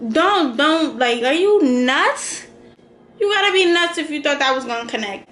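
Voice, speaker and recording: A young adult woman vlogger, telling a storytime with animated, slangy quotes. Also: sits high, normal speed, reverberant, a little hiss or hum. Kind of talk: storytime vlog.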